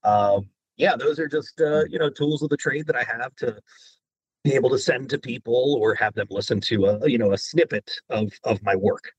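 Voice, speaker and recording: A husky-voiced man tells stories from his career as a guest voice actor, animated and quick to slip into quoted voices. The sound is dry and a little dull, like a lo-fi recording. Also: mid-range voice, no room sound. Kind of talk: interview storytelling.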